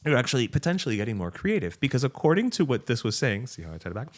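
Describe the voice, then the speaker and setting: A man's voice: mid-range voice, big pitch swings, very fast. Thoughtful man explaining ideas. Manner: reflective, thinks aloud in long explanations. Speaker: podcast co-host. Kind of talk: casual chat.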